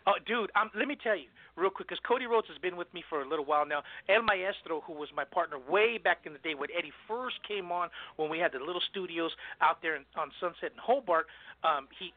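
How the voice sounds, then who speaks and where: Excitable fast-talking man hosting radio. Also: sits high, dry recording. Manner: fast, excitable, laughs often. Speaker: radio show host. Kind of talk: casual radio chat. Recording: tinny phone-like line.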